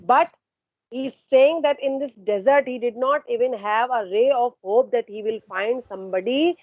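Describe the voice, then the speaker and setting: In an online literature lesson, a female teacher walks through a story line by line, posing questions and answering them herself while paraphrasing and repeating. Her voice is fairly high and her pace moderate. The recording is dry and muffled.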